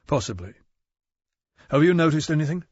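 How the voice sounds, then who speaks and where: A man voicing a calm, methodical male police detective in an audiobook, asking direct questions. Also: fairly high pitch, moderate pace, slightly rough, no room sound, lo-fi sound, voice pushed up. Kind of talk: audiobook character voice.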